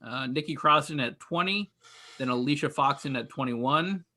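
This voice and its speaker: Bright-voiced man reading out a recap. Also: mid-range voice, moderate pace. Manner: steady, list-like, with filler uhs. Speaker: podcast co-host. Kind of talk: recapping a match list.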